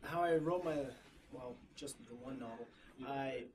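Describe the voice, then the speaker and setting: A man speaking quietly from across a classroom, his words trailing off. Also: medium pitch, unhurried. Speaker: student. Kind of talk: answering in class discussion. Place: classroom, far from the mic. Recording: distant voice in a noisy classroom.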